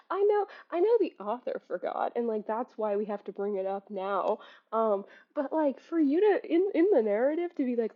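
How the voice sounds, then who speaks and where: High-voiced woman giving a lively book rant. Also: normal speed, muffled recording. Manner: animated and exasperated, laughs often and swears. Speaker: book reviewer. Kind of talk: casual spoken book critique.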